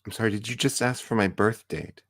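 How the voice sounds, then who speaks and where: A man's voice: lowish voice, a little fast, fairly bright tone. A man voicing an impatient adult daughter in a tabletop role-play, talking bluntly and pushing for answers. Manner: blunt, pushy.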